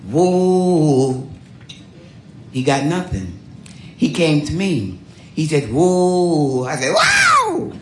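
A woman's voice: low voice, slight background noise. Older New woman telling stories. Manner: animated, laughing, acts out voices. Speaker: storyteller. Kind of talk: told life story. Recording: roomy echo.

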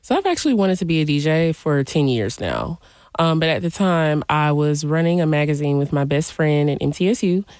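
A woman in her late twenties, a DJ, guest on a radio show, talking in an animated, chatty way with playful asides. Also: sits low, a little fast, dry recording, studio quality. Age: late 20s. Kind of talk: radio interview. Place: radio studio.

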